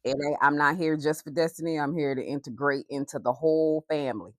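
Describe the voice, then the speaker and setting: A woman hosting a podcast, asking questions and encouraging her guest with quick, supportive replies. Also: sits low, no room sound, studio quality. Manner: warm, encouraging interviewer, quick affirmations. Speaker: podcast host. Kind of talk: casual podcast chat.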